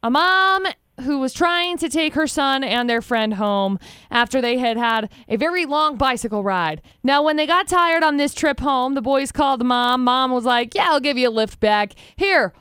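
Wry, clear-voiced female radio co-host. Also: high voice, normal speed, dry recording, studio quality. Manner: wry, deadpan asides, laughs at stories. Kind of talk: casual radio banter and headline reading. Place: radio studio. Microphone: studio microphone.

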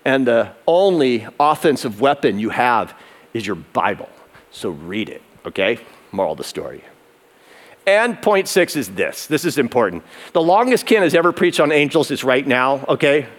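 A man's voice: medium pitch, big pitch swings, moderate pace. A man pastor preaching an emphatic sermon that builds in intensity, in a converted barn used as a church.

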